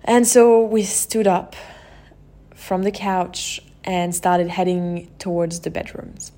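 Woman host, solo podcast, slightly low voice, candid confessional storytelling full of "like" fillers. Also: flat delivery, takes it slowly, mellow. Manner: open and emotional, heavy use of "like" and "you know".

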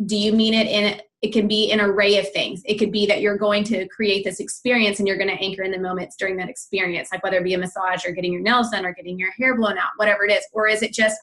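A woman hosting a podcast, reacting with enthusiasm and asking questions with halting restarts. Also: medium pitch, a bit bright. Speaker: podcast host. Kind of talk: casual interview chat.

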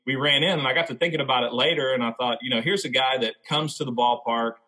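A man, a former baseball player, telling his faith testimony as a podcast guest in a reflective, halting way. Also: mid-range voice, bright, forceful tone, slightly rough, poor audio.

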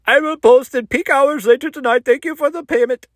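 A man putting on a high, eager online promoter. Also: fairly quick, no echo, studio quality. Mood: salesy polite. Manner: polite, salesy, high-pitched put-on voice. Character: smooth young male online promoter, eager.

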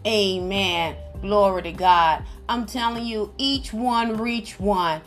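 A woman's voice: medium pitch, takes it slowly, faint music behind. A middle-aged woman hosting a prayer call, preaching fervently and calling out hallelujah and glory to God. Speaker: prayer line host.

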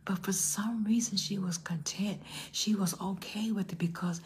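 An older woman pastor preaching an animated storytelling sermon in a church, acting out the people in her story. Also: medium pitch, normal speed, slight background noise. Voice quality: very husky, breathy.

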